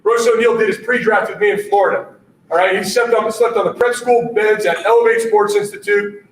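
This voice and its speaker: High-pitched coach guy giving a talk, keeps saying all right, echoey hall, faint hiss. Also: a little fast. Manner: energetic, punchy, repeats catchphrases, keeps asking "all right?". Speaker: basketball coach presenting at a conference. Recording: echoey room audio from a distance.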